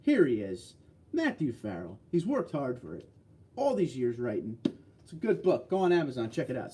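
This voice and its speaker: Blunt, folksy man in his sixties, mellow voice. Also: a little high, huge pitch swings, moderate pace. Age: 60s. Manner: blunt, folksy, opinionated, reads out chat messages. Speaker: livestream host. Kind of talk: casual livestream chat reading viewer comments.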